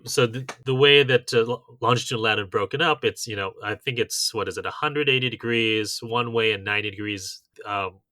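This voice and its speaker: A man with a bright, forceful voice chats casually as a podcast co-host. He rambles through details, stopping to correct himself. The sound is dry and close to the mic. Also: lowish voice, fairly quick, hardly any pauses, dry recording.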